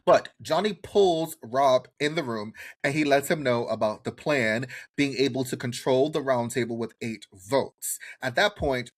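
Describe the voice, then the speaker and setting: A male podcast co-host talks through a reality show episode in loose, casual chat. His voice sits at a mid pitch, and he is animated and profane, slipping into quick impressions of people.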